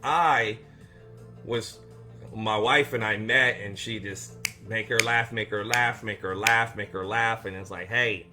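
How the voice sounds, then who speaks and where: A man's voice: on the low side, fairly even intonation, a little slow, faint music behind. A man hosting a casual motivational live stream for veterans, rambling and joking in an upbeat, encouraging way. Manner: warm and encouraging toward viewers. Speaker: coach and host of a weekly live show for veterans.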